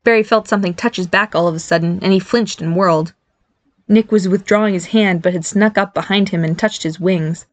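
A woman narrating a novel in an even, clear storytelling manner. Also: mid-range voice, brisk, no room sound. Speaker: audiobook narrator. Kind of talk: scripted narration.

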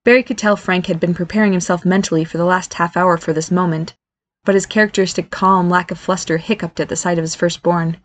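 A woman reading a story aloud as narrator in a steady, even manner. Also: fairly low pitch, quick pace. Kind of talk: scripted narration.

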